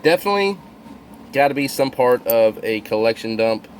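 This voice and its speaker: A man's voice: medium pitch, lively intonation, moderate pace, a little hiss or hum. A man narrating his coin roll hunt with thrilled exclamations to his viewers. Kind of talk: excited hobby video narration.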